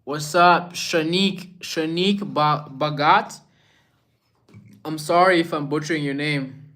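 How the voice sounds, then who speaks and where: A man's voice: a little high, unhurried, bright, forceful tone. A young man casually chatting on a livestream, reading viewer messages aloud and musing in a laid-back way.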